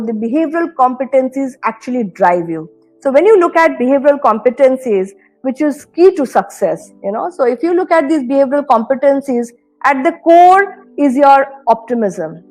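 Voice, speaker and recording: A woman with an Indian English accent lectures students in an earnest, advisory tone, her voice sitting high. She leans on key phrases and repeats them for emphasis. Faint music plays softly underneath. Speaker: university administrator giving a talk. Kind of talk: motivational career lecture.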